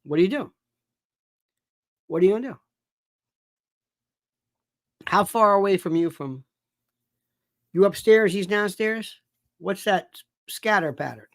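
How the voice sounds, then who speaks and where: A man's voice: high voice, no room sound, clean studio sound. Exasperated man firing rhetorical questions. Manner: exasperated, fires off rhetorical questions, repeats himself. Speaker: host of a political commentary show. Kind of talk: animated political monologue.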